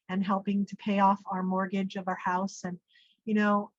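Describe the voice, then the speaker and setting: A middle-aged woman, a podcast guest, tells a personal story with animation and acts out what people said. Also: no room sound. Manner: animated storyteller, acts out quoted speech with big pitch jumps. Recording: dull, dry lo-fi audio.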